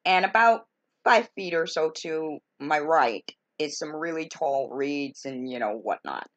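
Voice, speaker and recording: A woman's voice: low-pitched, animated, measured pace, lo-fi sound. A woman telling a story from her own life in a casual, folksy, exasperated way, full of colorful expressions. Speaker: storytelling vlogger.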